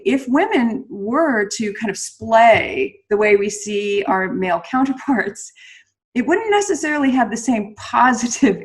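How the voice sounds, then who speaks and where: A middle-aged woman, a communication coach, explaining calmly in an interview and ending her statements on a downward tone. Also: medium pitch. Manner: measured, explanatory, ends statements with downward inflections. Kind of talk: conversational interview.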